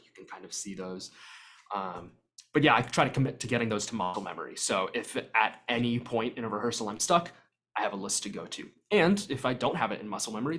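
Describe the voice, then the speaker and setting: Man, workshop presenter on a video call; relaxed explanatory delivery, filler-heavy. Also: lowish voice. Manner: explanatory, conversational with frequent ums. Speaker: vocal percussion workshop presenter. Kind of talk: virtual workshop lecture.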